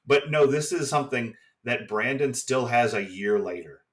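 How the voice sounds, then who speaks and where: Man, podcast co-host, casual episode recap, middle pitch, loose and chatty, drops quick mock impressions. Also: expressive.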